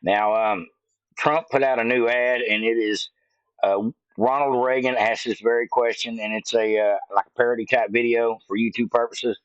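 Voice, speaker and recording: A man's voice: medium pitch, steady tone, moderate pace, smooth, dry recording. A man talks to his viewers in a loose, rambling way, full of "uh" fillers. His voice sits in a middle range, recorded close and dry through a slightly dull mic. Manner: folksy, rambling, many "uh" fillers. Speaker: political commentary channel host. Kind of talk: casual chat to viewers.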